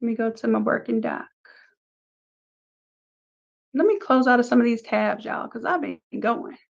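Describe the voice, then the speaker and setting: A chatty woman with a slightly high voice, talking her class through a design tutorial step by step. The sound is dull and lo-fi, like a live stream, and her delivery stays relaxed and conversational. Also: normal speed, vocal fry. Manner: casual, chatty, talks through each step. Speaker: design instructor. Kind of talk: live screen-share tutorial.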